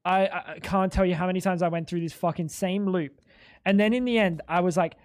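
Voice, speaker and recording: A man's voice: high-pitched, fairly even intonation, a little fast. A man streaming live, chatting casually in a ranting, exasperated way full of swearing.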